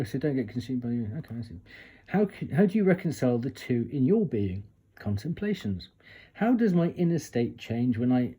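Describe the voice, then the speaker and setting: A man's voice: mid-range voice, dark tone, breathy edge. A man doing a casual tarot reading, reading passages aloud from a guidebook and breaking off for chatty asides and retakes. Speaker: tarot reader.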